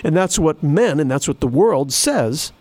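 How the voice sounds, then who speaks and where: A man's voice: fairly high pitch, lively intonation, measured pace, a little mellow, no echo. A man preaching a sermon in an earnest, emphatic way, repeating phrases for stress. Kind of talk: sermon with scripture reading.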